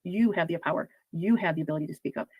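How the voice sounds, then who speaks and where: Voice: mid-range voice, rapid-fire, breathy edge, no room sound, low-quality recording. A medium in a played clip, speaking soothing, repetitive reassurances to a spirit. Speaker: self-styled spirit medium.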